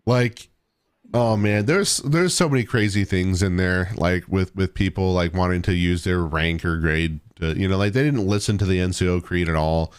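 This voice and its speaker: A man co-hosting a casual podcast, explaining his view in a steady, filler-laden way. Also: sits low, moderate pace, clear, resonant tone, no echo, studio quality. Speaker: podcast co-host. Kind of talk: casual chat.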